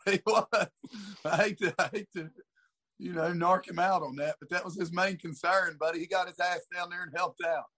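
A man's voice: high-pitched, steady tone, brisk, bright, forceful tone. A man as a guest in a casual chat, easygoing, swearing and calling people dude and buddy.

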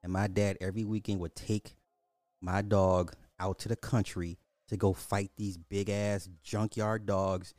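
A man's voice: low-pitched, unhurried, no room sound. A middle-aged man hosting a podcast, telling stories in casual chat with frequent laughs and swearing. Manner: animated storytelling, laughs often, swears. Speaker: podcast host.

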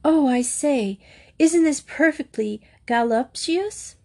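A woman's voice: high-pitched, animated, slow, dark tone, pitched above the performer's own voice, heavily acted. A woman reading aloud, voicing a cheeky, teasing young schoolgirl in a storybook.

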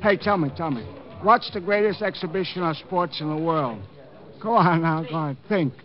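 An actor as a high-voiced boastful boxer. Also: male voice, natural voice. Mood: tough. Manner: tough-guy slang, slow on the uptake. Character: dim-witted boastful boxer, adult man. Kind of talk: 1950s radio drama acting. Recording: dull lo-fi old radio recording.

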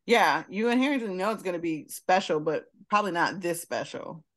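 Podcast co-host, playful, casual chat, medium pitch. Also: animated, fairly quick.

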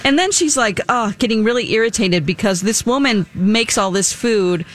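Animated woman telling a story on radio. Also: on the high side, normal speed. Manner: animated, laughing, acting out quoted lines. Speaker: radio show co-host.

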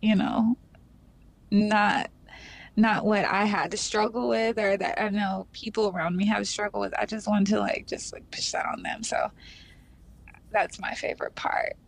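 A woman's voice: medium pitch, flat delivery, unhurried, vocal fry. A woman in her thirties, a podcast guest, chatting openly with frequent restarts and laughter. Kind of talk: casual chat.

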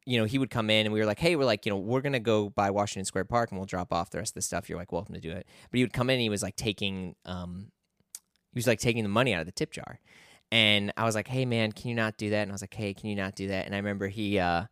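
Low-voiced guy rambling thru a story on a podcast, smooth voice, dry sound. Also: rapid-fire, fairly bright tone, no room sound. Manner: rambling, lots of filler and restarts. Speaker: podcast guest. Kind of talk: casual storytelling.

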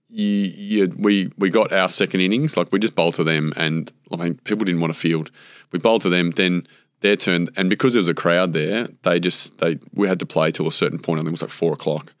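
Aussie bloke with a deep voice, rambling through stories, lots of ums and likes, dry close sound. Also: male voice, fairly bright tone, dry recording. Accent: Australian. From Australia. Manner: rambling anecdotes with many fillers, acts out quotes. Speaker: guest, former cricketer. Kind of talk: casual storytelling interview.

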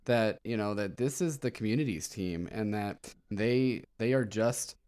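A man's voice: on the low side, unhurried, darkish tone, clear, resonant tone. A man co-hosting a casual podcast, enthusiastic and rambling, often reading quotes aloud. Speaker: podcast co-host.

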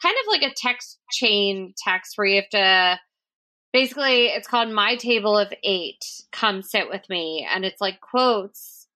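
A woman's voice: mid-range voice, lively intonation, unhurried. A woman hosting a podcast, chatting casually with lots of fillers. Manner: chatty, many fillers, warm-hearted reading. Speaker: podcast host.

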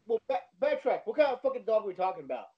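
A man's voice: sits high, sing-song, racing, breathy edge, highs cut off. A man chiming in on a casual chat with blunt, teasing remarks.

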